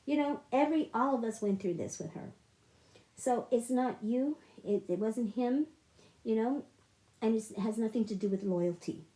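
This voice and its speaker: A woman's voice: fairly high pitch, normal speed, warm tone. A middle-aged woman telling a personal story in a monologue, emotional and repetitive, with frequent restarts. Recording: echoey room.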